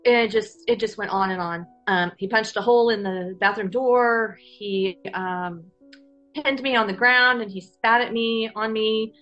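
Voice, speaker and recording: Woman, guest storyteller, halting, lots of fillers, slightly muffled sound, faint music underneath. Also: mid-range voice, fairly even intonation, a bit bright. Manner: halting, many fillers and restarts. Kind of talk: personal storytelling.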